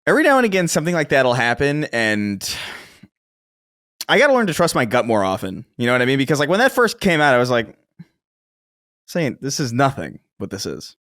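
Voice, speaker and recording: A man's voice: mid-range voice, big pitch swings, fast, fairly bright tone, no echo, clean studio sound. A man co-hosting a podcast who talks bluntly and emphatically in casual chat.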